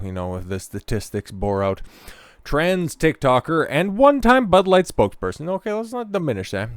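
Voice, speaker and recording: A man's voice: fairly low pitch, clear, resonant tone, no room sound. A man hosting a reaction commentary who talks in a sarcastic, mocking and often profane way, checking in with "okay?" as he goes. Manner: repeats "okay?" and "right?" at the ends of phrases. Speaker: commentary host.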